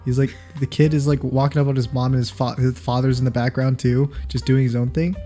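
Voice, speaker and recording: A man's voice: mid-range voice, level tone, brisk, dark tone, soft background music. A man co-hosting a casual podcast, telling stories in a rambling way with lots of fillers and restarts. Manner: rambling, filler-heavy storytelling with many restarts. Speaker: podcast co-host. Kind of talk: casual chat.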